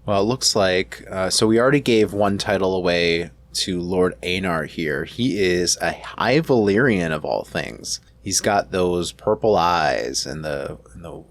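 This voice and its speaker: Deep-voiced man narrating his strategy game. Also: expressive, a little slow, hardly any pauses. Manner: rambling, self-correcting, thinks aloud. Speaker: let's play host. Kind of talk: casual game commentary.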